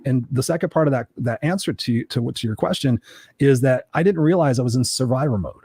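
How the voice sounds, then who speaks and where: A man, a life coach, telling a candid personal story in an interview, animated and swearing casually. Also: medium pitch, a little fast, slightly rough, dry recording, studio quality. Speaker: coaching guest.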